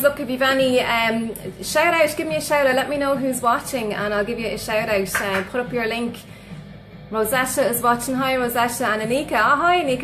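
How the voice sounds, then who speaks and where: An Irish sleep coach appears as a guest on a live radio show, bubbly and effusive, laughing often and giving shout-outs to viewers. Her voice is a little high and fairly bright, though the audio is poor.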